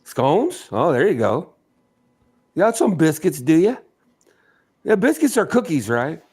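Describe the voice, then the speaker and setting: A man with a lively voice that moves up and down a lot jokes his way through a casual live-stream chat. He swears freely and needles the others with quick teasing questions. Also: a little high, breathy edge.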